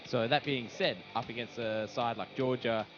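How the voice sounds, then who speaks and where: Man, esports co-caster, laid-back analysis, slightly muffled audio, faint music behind. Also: mid-range voice. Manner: relaxed, frequent filler pauses. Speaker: esports co-commentator. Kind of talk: casual analysis commentary.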